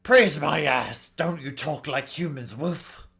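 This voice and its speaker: A man voicing an angry, rude male wolf bandit in a game, talking brashly and loudly. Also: medium pitch, a little slow. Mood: scornful. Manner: brash, shouting, swearing.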